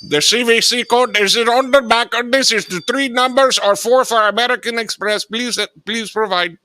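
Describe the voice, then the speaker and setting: A man's voice: very high voice, moderate pace, pushed and bright, no room sound, pitched above the performer's own voice. A man putting on a pushy scammer in a put-on Indian accent. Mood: eager. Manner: pushy, broken English. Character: fast-talking male call-center scammer. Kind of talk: comedic improvised bit.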